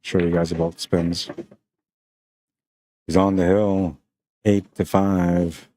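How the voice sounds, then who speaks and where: Chill guy w a spanish accent calling pool on a stream, deep mellow voice, says man a lot. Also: flat delivery, slow, no room sound. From Canada. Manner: laid-back, chatty, peppered with "man" and "like". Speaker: pool commentator. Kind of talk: casual live-stream commentary.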